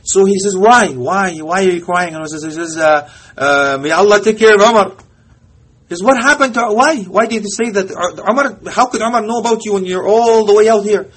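Husky high-voiced male preacher. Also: a little fast. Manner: impassioned, often drops to a hush, mixes in Arabic phrases. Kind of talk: storytelling sermon.

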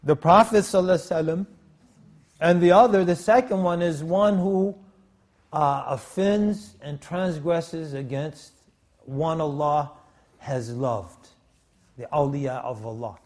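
Male preacher, emphatic sermon delivery, slightly high, warm mellow tone. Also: unhurried. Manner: emphatic, with frequent restarts and Arabic phrases.

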